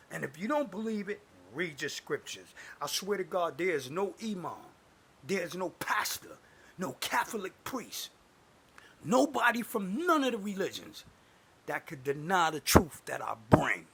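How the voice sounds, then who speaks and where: A man delivering an angry, preachy religious rant to camera, cursing and swinging between booming declarations and muttered asides. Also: sing-song, normal speed, vocal fry, fairly bright tone, slight background noise. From United States. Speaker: self-styled prophet posting online videos.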